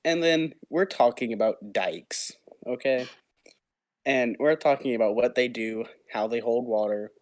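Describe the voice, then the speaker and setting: A man's voice: mid-range voice, unhurried. A teenage boy co-hosting a casual podcast, telling a funny school story with frequent laughter. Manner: laughing, jokey retelling. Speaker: podcast co-host.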